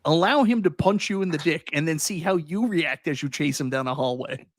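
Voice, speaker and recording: A man's voice: on the high side, fairly quick, no echo, studio quality. A man co-hosting a casual chat, arguing back and joking. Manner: argumentative, joking. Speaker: co-host.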